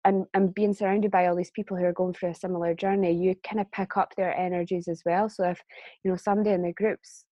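A woman's voice: on the low side, level tone, fast talker, mellow, dry recording. A woman telling a personal story as a guest in a casual conversation, chatty and laughing often. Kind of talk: casual chat.

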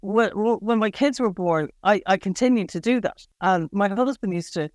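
A woman's voice: medium pitch, moderate pace, a little mellow, no room sound, studio quality. A middle-aged woman with an Irish accent, a writer talking frankly in an interview, self-deprecating and hesitant, with many restarts and fillers. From Northern Ireland. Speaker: writer guest. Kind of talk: casual interview talk.

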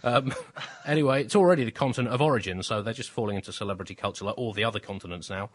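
A man co-hosting a satirical comedy podcast, reading out phrases with dry irony and dropping into low muttered asides. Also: racing. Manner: dry, ironic, swings between bright and low asides.

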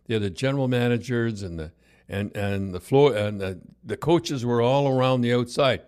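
Older guy, ex-coach, rambling lively yarns, lots of restarts. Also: medium pitch, moderate pace. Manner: rambling anecdotes, lively, many restarts and quoted voices. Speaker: former hockey coach. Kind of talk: casual storytelling chat.

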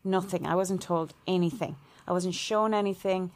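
With a voice on the low side and a moderate pace, a middle-aged Irish woman who composes music answers an interview through storytelling. Her manner is lively, and she voices the people she quotes while laughing.

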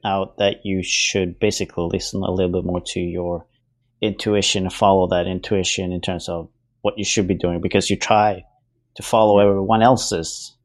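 Very deep-voiced podcast host. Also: level tone, moderate pace. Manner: supportive, frequent short backchannels. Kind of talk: casual interview talk.

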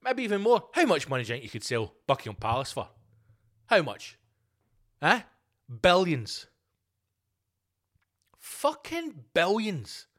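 Male podcast host, foul-mouthed rant, sarcastic, loud bursts then mumbled asides. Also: big pitch swings, moderate pace, long pauses. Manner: profane, sweary and sarcastic; swings from loud emphatic outbursts to low muttered asides. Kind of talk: ranting solo podcast monologue.

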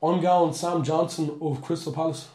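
A man's voice: fairly high pitch, fairly even intonation, normal speed, darkish tone. A man co-hosting a football podcast, teasing his partner and laughing through casual banter. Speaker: podcast co-host. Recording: roomy echo, faint music.

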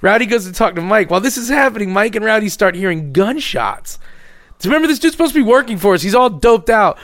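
A man casually telling a long profane story on a podcast, acting out the people in it with a lower voice. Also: fast talker, no room sound, clean studio sound. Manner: profane, animated, acts out others in a lower voice.

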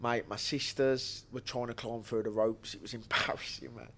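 A man's voice: medium pitch, steady tone, moderate pace, creaky, a bit bright. Laid-back man telling stories. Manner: slangy, laughs while telling stories. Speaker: podcast guest, bare knuckle fighter. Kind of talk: casual storytelling chat.

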